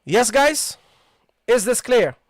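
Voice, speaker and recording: A man teaching a live online recitation lesson. He explains step by step, repeats sounds slowly and keeps checking with "okay, guys?". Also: extremely high pitch, sing-song, no room sound, clean studio sound.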